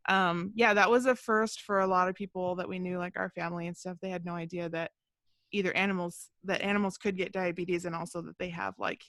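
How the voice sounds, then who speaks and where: A woman's voice: on the low side, flat delivery, a little fast, fairly bright tone, dry recording. A young woman co-hosting a podcast, chatting casually over a video call, with many fillers and frequent laughs. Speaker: podcast co-host. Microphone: video call mic.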